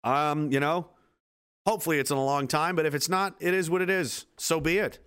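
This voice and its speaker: A man's voice: on the high side, steady tone, fairly quick, fairly bright tone, smooth. A man hosting a casual livestream, reading viewer comments and answering them with sarcastic, profane, rambling asides. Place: at home base on a hot day.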